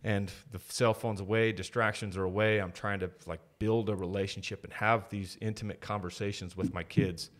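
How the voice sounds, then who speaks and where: A man's voice: lowish voice, little pitch movement, moderate pace, few pauses. A man in his thirties, a podcast guest, talking candidly and reflectively about his family in casual conversation. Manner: candid, reflective storytelling with quoted voices.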